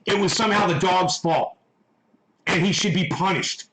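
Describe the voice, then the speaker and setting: A man's voice: high voice, normal speed, a crowd in the background. A man hosting a casual livestream, ranting with heavy swearing while reading and answering chat. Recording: echoey room.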